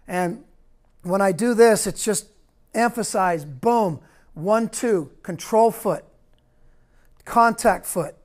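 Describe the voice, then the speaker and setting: A man's voice: sits high, slow, long pauses. A middle-aged man, a football coach, talking over practice film in clipped coaching cues and repeating words.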